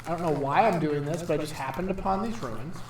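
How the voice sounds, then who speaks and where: A man's voice: a little high, fast, noisy background. A man casually chatting and joking while streaming a game, swearing freely. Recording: roomy sound from a distant mic.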